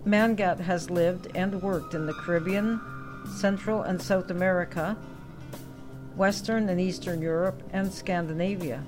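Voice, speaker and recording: Woman radio host, lowish voice, reading an intro over clear music. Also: fairly even intonation, unhurried. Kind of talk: scripted introduction. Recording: music playing under the voice.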